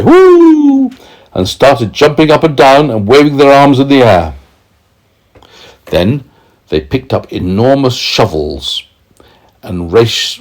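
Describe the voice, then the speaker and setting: A man reading a bedtime story aloud to a small child, expressive and gentle, pausing to explain words. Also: mid-range voice. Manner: slow, expressive, asides to a child.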